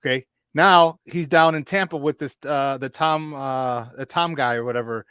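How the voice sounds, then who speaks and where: A man hosting a casual sports talk show, telling stories in an excitable, animated way. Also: mid-range voice, normal speed, clean tone, no echo. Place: remote virtual studio.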